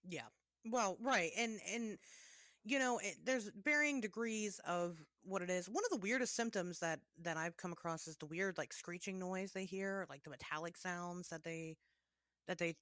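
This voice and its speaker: A woman's voice: lowish voice, normal speed, fairly bright tone, no echo, clean studio sound. A woman co-hosting a podcast, chatting casually and hesitantly, often restarting her sentences. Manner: hesitant, many fillers and restarts. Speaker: podcast co-host.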